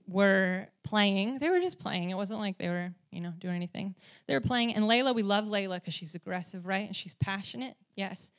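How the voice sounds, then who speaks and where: A woman preaching a sermon who asks her audience questions and grows lively, rising in pitch and volume, when she tells stories.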